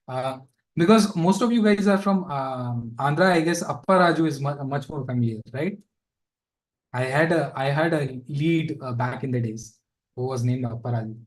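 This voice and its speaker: A man's voice: a little high, moderate pace, low-quality recording. A man giving a casual live coding lesson, thinking aloud with fillers and asides. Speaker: programming instructor.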